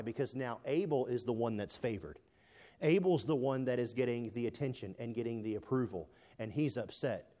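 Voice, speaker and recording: A man's voice: mid-range voice, darkish tone. Earnest male preacher explaining scripture. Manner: earnest, questioning, repeats words while explaining. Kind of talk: expository sermon.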